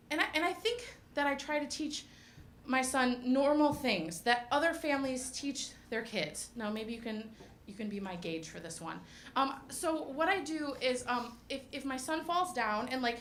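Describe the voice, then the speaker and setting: Young woman stand-up, bright and giggly, self-interrupting, roomy club echo. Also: fairly high pitch, slight background noise. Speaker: stand-up comedian. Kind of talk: stand-up comedy. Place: comedy club stage. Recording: roomy echo of a comedy stage.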